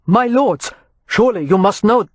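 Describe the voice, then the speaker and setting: A woman voicing a calm young man who speaks in an excessively reasonable, pleasant tone. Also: lowish voice, unhurried, breathy edge, no room sound, full character voice. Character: calm, unflappable dark-haired young man.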